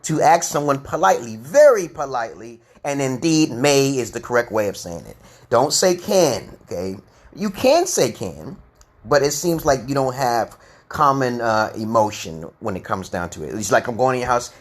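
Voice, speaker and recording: A man's voice: mid-range voice, very animated, moderate pace, slightly rough. Rambling man in his forties teaching English. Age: 40s. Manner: rambling, repeats "okay?" often. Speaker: English teacher on a live stream. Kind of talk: casual live-stream English lesson.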